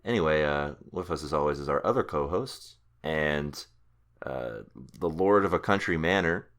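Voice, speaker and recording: Very deep-voiced male podcast host. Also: animated, moderate pace, a bit bright, clear, resonant tone. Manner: joking, teasing. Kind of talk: casual podcast chat.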